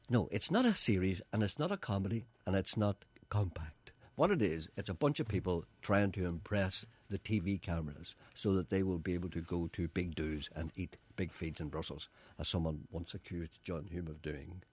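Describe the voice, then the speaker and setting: A man's voice: sits low, normal speed, husky. A man presenting a comic radio show in a sardonic, rambling, mock-grandiose way. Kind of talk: comic radio monologue and banter.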